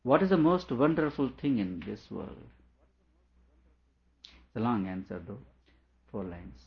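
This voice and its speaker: A man's voice: mid-range voice, very animated, a little slow, gravelly, dull audio. A man reading a philosophical text aloud and explaining it line by line, with a chuckle now and then. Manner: reads a passage aloud, then comments on it with small laughs. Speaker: teacher.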